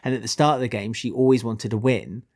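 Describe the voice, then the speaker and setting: Chatty Welsh man on a podcast. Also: fast. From Wales. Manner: animated, chatty, with many restarts and sudden pitch jumps. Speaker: podcast co-host. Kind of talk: casual chat.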